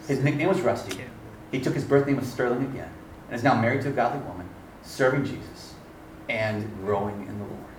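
A man preaching a sermon as a campus ministry pastor, telling stories in an animated way and often laughing. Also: mid-range voice, a little hiss or hum. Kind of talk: sermon with storytelling. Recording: echoey room, distant mic.

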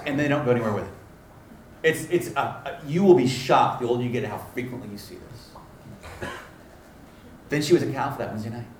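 A man preaching a sermon, telling a story and acting out the dialogue in an animated way. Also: medium pitch, a little hiss or hum. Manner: animated, acts out dialogue with laughter. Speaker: pastor. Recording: echoey room, mic at a distance.

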